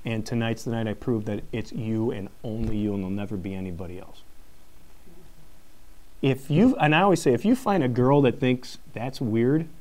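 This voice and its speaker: A man giving a live talk to an audience, a teacher telling a story with plenty of energy. He acts out the voices in his story and laughs often. His voice sits at an ordinary middle pitch. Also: lively intonation, normal speed, a little mellow. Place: live conference session.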